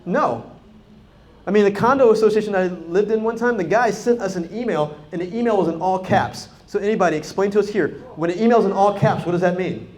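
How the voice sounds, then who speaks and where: A man giving a live, energetic talk to a conference audience, acting out quoted dialogue and speaking straight to the crowd. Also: high voice, a little fast. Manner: energetic, animated, acts out quoted dialogue, talks directly to the crowd. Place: conference hall.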